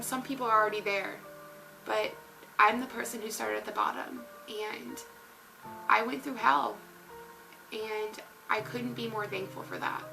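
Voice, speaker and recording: Emotional woman with a gravelly voice. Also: a little high, rough recording. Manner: earnest, emotional storytelling. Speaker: fitness vlogger. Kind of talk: personal story vlog. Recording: music playing under the voice.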